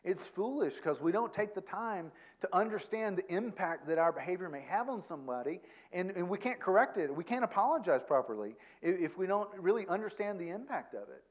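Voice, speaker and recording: Male guest speaker, slightly high voice, chatty and self-deprecating, dull lo-fi recording. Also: animated, brisk, hardly any pauses. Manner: chatty, self-deprecating, peppers points with "okay?" and "right?". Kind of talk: conversational seminar talk to a church audience.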